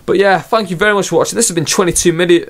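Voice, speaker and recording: A man's voice: sits high, rapid-fire, slight background noise. A man giving a casual, ranting wrestling review in a video blog, swearing freely. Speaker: wrestling vlogger.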